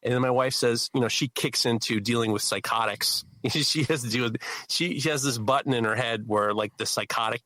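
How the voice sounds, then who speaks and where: A man co-hosting a knife-making show, telling a story with lively energy and acting out the people in it. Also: medium pitch, a little fast, hardly any pauses, dry recording, studio quality. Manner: excitable, acts out quoted voices. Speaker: podcast co-host. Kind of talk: animated storytelling.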